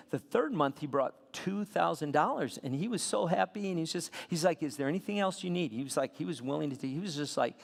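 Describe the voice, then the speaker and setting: A man preaching a sermon as a pastor, telling a story with lively swings between soft asides and loud bursts. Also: mid-range voice, creaky. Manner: animated storytelling with sudden loud peaks. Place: church sanctuary. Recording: long hall reverb.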